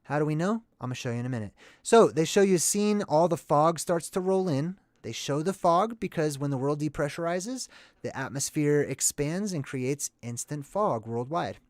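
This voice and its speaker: Chatty excitable man, slightly high voice. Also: moderate pace, dry recording, studio quality. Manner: chatty, excitable, rambling explanations. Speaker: movie commentary host. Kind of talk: casual video commentary.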